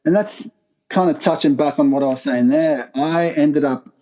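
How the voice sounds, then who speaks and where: Earnest man, dark muffled voice. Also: a little high, normal speed. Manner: earnest, intense, casual slang. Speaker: podcast guest, former pro skateboarder. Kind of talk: emotional personal storytelling. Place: his art gallery, remote call.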